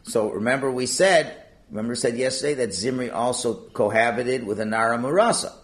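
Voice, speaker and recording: A man teaching a Talmud class, explaining the text line by line with animated rhetorical questions. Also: medium pitch, fairly quick.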